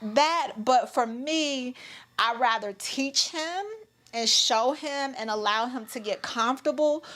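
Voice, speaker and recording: A woman's voice: on the high side, a bit bright. A woman, chatting animatedly to her viewers as a mother vlogger. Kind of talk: casual storytelling to camera.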